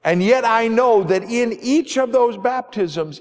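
A male pastor reading the gospel and then giving a gentle, playful children's sermon that swells into emphatic exclamations. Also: very high voice, expressive, a little slow, hardly any pauses. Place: church sanctuary. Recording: long church reverb.

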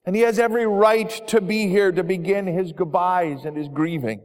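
A preacher voicing a kind older farmer who speaks earnestly and gently, in a reverberant hall. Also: male voice, high voice, moderate pace, close to an everyday voice. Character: kind older male farmer, warm and forgiving.

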